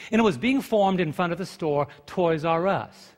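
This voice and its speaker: A man's voice: sits high, animated, brisk, hardly any pauses, fairly bright tone, big-room sound. A man pastor preaching a sermon with emphatic delivery and rhetorical questions to his congregation. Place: church sanctuary.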